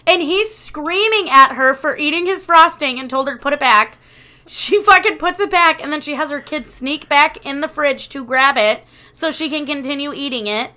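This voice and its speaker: A woman's voice: high-pitched, normal speed, bright, forceful tone. A woman in her thirties chatting casually as a podcast co-host, a rambling storyteller who swears a lot. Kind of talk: casual chat.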